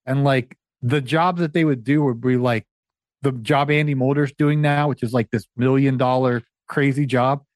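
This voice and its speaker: A man guesting on a podcast, telling stories in an excitable, stammering way during casual chat. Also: mid-range voice, moderate pace, dry recording, clean studio sound. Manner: excitable storyteller, stammering restarts.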